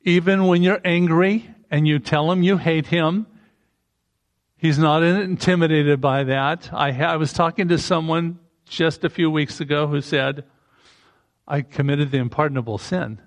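Gravelly, higher-voiced male preacher. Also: steady tone, measured pace. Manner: conversational, with emphatic rising bursts. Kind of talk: sermon.

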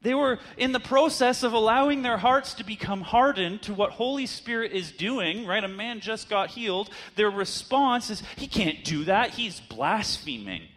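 A man's voice: very high voice, normal speed, hardly any pauses, fairly bright tone. A man preaching a sermon in a conversational teaching manner, asking his listeners rhetorical questions.

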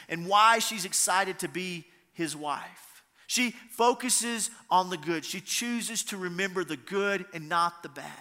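A man's voice: high-pitched, pushed and bright, long reverb tail. A middle-aged male pastor preaching a sermon in an earnest way, repeating his key lines for emphasis.

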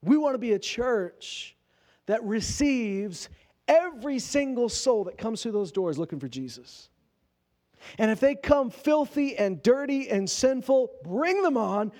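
Male pastor with a high voice, informal sermon delivery, asks rhetorical questions and acts out quoted lines. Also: expressive, unhurried, a little mellow.

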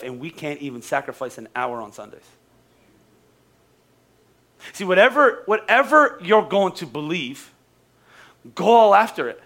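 Male pastor, high voice, joking and animated preaching, repeats phrases. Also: creaky. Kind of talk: lively conversational sermon.

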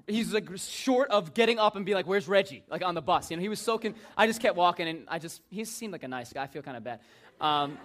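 A man's voice: high voice, fairly bright tone. A young man speaking to a youth group, rambling through funny anecdotes and acting out the voices of the people in them. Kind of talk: casual storytelling to a group.

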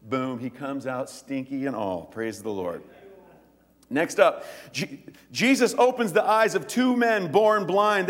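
A male pastor preaching a sermon, retelling stories in a lively, animated way and acting out the voices. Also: a little high, measured pace, in a large hall. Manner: animated storytelling, acts out voices, laughs.

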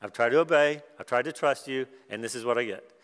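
Preacher doing a young man in prison, bright and crisp, questioning God in halting bursts. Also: medium pitch, long reverb tail, close to an everyday voice. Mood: bewildered.

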